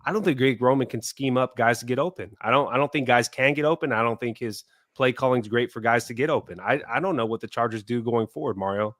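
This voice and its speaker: A man's voice: mid-range voice, fast, hardly any pauses, fairly bright tone, dry recording, studio quality. A man co-hosting a sports fan podcast, venting his frustration heatedly in casual chat. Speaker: podcast co-host.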